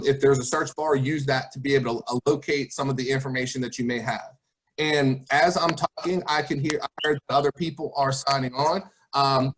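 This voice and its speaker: A man with a somewhat high voice gives an online presentation to students, speaking over a video call. He encourages them with rhetorical questions as he walks through his advice. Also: slight background noise. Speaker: college guest speaker.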